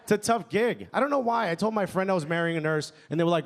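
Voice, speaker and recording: A man's voice: high voice, lively intonation, fast. A man performing a stand-up set on a comedy club stage, talking conversationally and often tagging lines with "okay?" or "you know?". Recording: live club, loud crowd laughter and noise.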